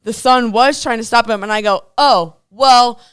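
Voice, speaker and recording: A woman's voice: on the high side, fairly even intonation, fairly quick, a bit bright, clean tone, no echo, clean studio sound. A woman in her thirties co-hosting a casual talk show, telling stories animatedly and acting out the voices. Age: 30s. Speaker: radio and podcast co-host. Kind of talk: casual chat. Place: studio.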